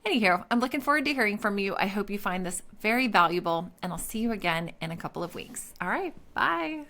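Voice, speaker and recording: A woman's voice: medium pitch, fast talker, sharp tone. A woman hosting a design channel, opening in a bubbly, chatty way and tripping over her words now and then. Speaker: host. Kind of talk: casual vlog intro to camera.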